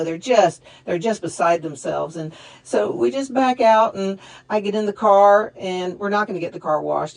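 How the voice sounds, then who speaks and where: A woman's voice: medium pitch, low-quality recording. A woman in her fifties telling funny stories about her late father at a memorial service, laughing often as she goes. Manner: warm storytelling with frequent laughter. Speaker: eulogy speaker. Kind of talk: memorial storytelling. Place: fellowship hall.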